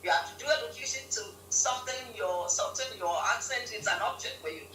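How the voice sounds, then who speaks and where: A woman from Ghana, a guest on a live-stream interview, telling stories in an animated way and laughing often. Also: a little high, brisk, faint music behind. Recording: roomy, distant mic with faint hum.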